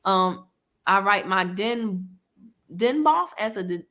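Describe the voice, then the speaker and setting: A woman hosting a casual livestream chat, animated and laughing, reading viewer comments aloud. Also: medium pitch, slow pace. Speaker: livestream host.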